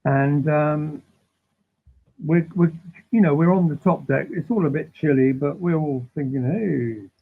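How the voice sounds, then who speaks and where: A man guesting on an interview, telling animated, rambling anecdotes that keep interrupting themselves. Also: fairly high pitch, unhurried, husky. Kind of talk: casual storytelling. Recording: tinny phone-like line.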